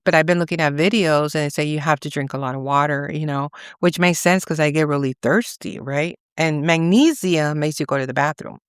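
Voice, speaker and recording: A woman's voice: low voice, clean tone, dry recording, studio quality. A woman vlogger giving casual astrology talk, rambling and chatty, often checking in with "okay?" and "you know".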